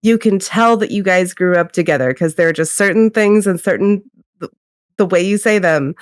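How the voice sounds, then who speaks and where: A woman's voice: fairly low pitch, moderate pace, no echo. Agreeable woman, dry close sound. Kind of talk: casual podcast chat.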